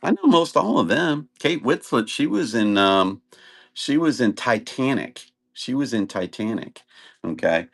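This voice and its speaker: A talkative man runs a casual live-stream sale. His pitch moves up and down a lot as he chats, and his voice sits in the middle of the male range. He rambles loosely and keeps adding little fillers. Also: very animated, measured pace, vocal fry. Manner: rambling, chatty, says "and stuff" often. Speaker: live auction seller.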